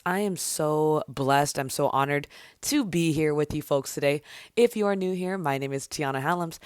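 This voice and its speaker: A woman's voice: sits low, a little mellow, no echo, clean studio sound. A young adult woman hosting her own podcast, talking solo in an upbeat hype-woman way with casual swearing. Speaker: podcast host.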